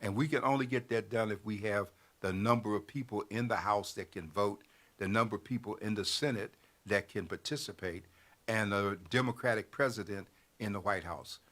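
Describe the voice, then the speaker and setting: A man, a newspaper editor, explaining a political process in a measured way on a talk show. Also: on the low side, fairly bright tone.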